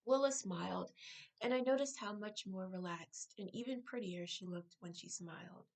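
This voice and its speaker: A woman author reading her own novel aloud, now and then breaking off to correct herself or make a quick aside. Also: medium pitch, expressive, vocal fry, rough recording.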